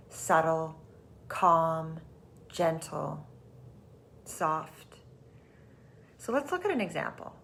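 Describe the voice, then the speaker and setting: Soft-spoken woman, gentle spiritual teacher. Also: fairly low pitch, a little hiss or hum. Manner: soft, calm, now and then sinking into a breathy whisper. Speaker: program host and teacher.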